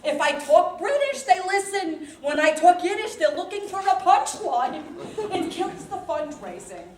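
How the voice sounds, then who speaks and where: A woman's voice: very high-pitched, big pitch swings, a little slow, slight background noise, full character voice. A woman playing Jesus as a money-minded, wisecracking carpenter in an amateur comedy play, who swings from pious preaching to haggling. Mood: schmoozing. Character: schmoozing Yiddish-talking carpenter Jesus, male, money-minded. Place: synagogue stage. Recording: echoey hall.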